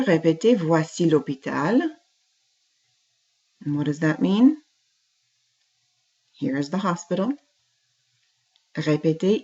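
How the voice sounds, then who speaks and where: A patient woman teaches a classroom French lesson, first saying phrases in French and then translating them. Her voice is deep and a little mellow, and the recording sounds dull and lo-fi.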